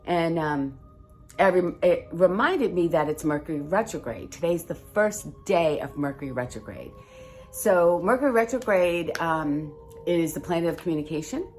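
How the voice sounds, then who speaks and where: A woman's voice: lowish voice, expressive, moderate pace, a little mellow, faint music behind. A woman hosting a casual spiritual video from home by the fire, chatting in a rambling way with fillers and giving encouraging advice. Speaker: host reading oracle cards. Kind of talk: casual spiritual vlog chat.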